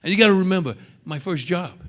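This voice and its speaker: A man in his seventies with a Brooklyn accent, a guest actor at a convention panel, telling rambling stories with restarts. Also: sits high. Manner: gravelly, halting, storytelling with restarts.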